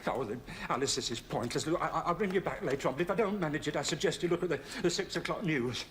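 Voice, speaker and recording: An actor playing a timid, hen-pecked prison officer who stammers nervously and politely in a television sitcom. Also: male voice, fairly high pitch, fast, close to an everyday voice. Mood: flustered. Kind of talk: 1970s TV sitcom acting. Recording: loud hiss from old TV audio.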